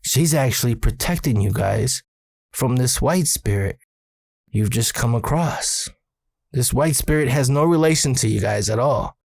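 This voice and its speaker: A man retelling the words of a medicine woman in a slow, measured way. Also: medium pitch, expressive, gravelly, darkish tone, no room sound, studio quality. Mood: solemn. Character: calm, knowing female medicine woman.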